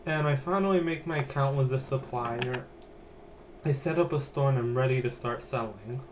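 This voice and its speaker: A man's voice: mid-range voice, moderate pace, lo-fi sound, noisy background. A young man hosting a podcast, telling a personal story in a chatty, rambling way with lots of fillers. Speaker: podcast host.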